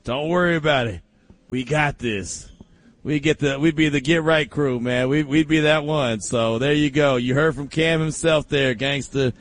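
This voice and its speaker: A man hosting a sports talk show, loose and jokey with animated banter. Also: fairly high pitch, moderate pace. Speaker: sports talk radio host.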